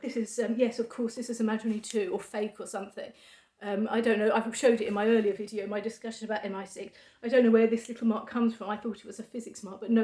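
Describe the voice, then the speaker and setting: A woman talking to camera in a halting monologue of dry sarcasm, full of fillers. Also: fairly high pitch, a little mellow. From United Kingdom. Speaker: vlogger. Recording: echoey room.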